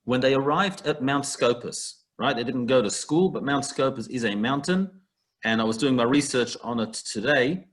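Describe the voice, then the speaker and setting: Over a video call, a man speaks at a medium pitch and normal speed with a fairly bright tone. He is teaching a Talmud passage in an online text study class, talking it over conversationally with comparisons from everyday life.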